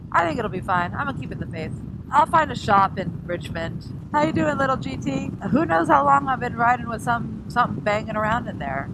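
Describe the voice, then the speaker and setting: A woman's voice: on the high side, expressive, fairly quick. Chatty woman riding, road noise behind. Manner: chatty, rambling, laughs often. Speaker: motovlogger. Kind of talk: casual chat while riding. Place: on a scooter on the road outdoors. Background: traffic and engine noise.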